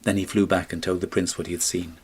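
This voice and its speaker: A man reading a classic fairy tale as an audiobook, measured and expressive. His voice sits low with a husky edge. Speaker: audiobook narrator. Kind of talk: scripted storybook narration.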